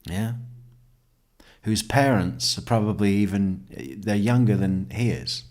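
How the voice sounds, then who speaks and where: Male true crime commentator, slow and deliberate, low voice, sardonic with lots of laughter. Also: fairly even intonation, darkish tone. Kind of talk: reading testimony aloud with commentary.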